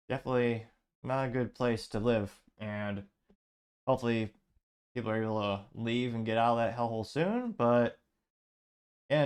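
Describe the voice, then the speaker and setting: A man's voice: on the low side, smooth. Man hosting an offhand commentary show. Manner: reads posts aloud with offhand remarks. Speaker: show host. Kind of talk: political commentary reading social media posts.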